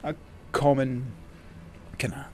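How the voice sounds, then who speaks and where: A man's voice: medium pitch, flat delivery, slow pace, a little hiss or hum. Rambling Scottish man telling stories. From Scotland. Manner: rambling, with many fillers and restarts. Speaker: guest, cycling journalist. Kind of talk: casual storytelling.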